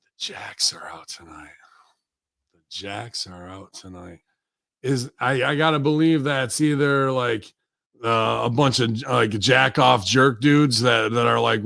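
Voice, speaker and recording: A man, a wrestler guest on a podcast, telling brash profane stories with loud bursts and laughs. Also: mid-range voice, gravelly, no room sound. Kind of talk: profane casual interview chat.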